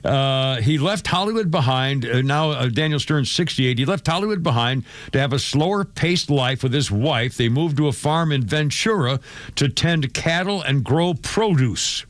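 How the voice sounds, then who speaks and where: A man's voice: a little high, expressive, moderate pace, dry recording. A man hosting a radio show, rambling through showbiz news in a casual chat with many fillers and chuckles.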